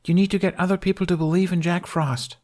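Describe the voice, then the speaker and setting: A man reading fan fiction aloud, voicing an earnest, excitable young boy in a high, urgent voice. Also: quick pace, close to an everyday voice.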